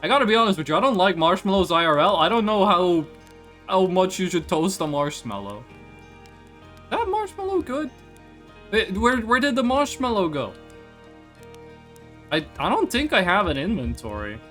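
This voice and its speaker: A man streaming a game live into a desk mic, talking in a high, very lively voice. He rambles, jokes and swears casually as he figures things out. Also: normal speed, soft background music. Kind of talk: live gameplay commentary.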